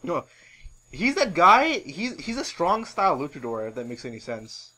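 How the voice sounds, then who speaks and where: A man hosts a podcast in loose, rambling chat, full of filler words and restarts. His voice is fairly high and bright, and it swings widely in pitch as he talks. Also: wildly swooping pitch, moderate pace, low-quality recording. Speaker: podcast host. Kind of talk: casual chat.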